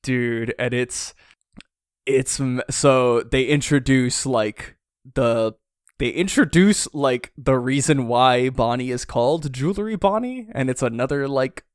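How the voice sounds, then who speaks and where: Smooth-voiced man, slangy podcast chat. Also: mid-range voice, unhurried, no room sound, studio quality. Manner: slangy and excited, says "dude" often. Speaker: podcast co-host. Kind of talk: casual chat, recapping a comic chapter.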